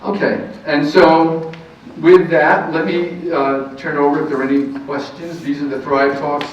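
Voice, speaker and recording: Lively middle-aged man speaking from afar. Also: fairly high pitch, a little slow, slight background noise. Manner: lively, anecdotal, laughs easily. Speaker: counselor giving a parenting talk. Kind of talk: live talk to an audience. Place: meeting room with audience. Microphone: distant room mic. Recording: echoey room, far-off muffled mic.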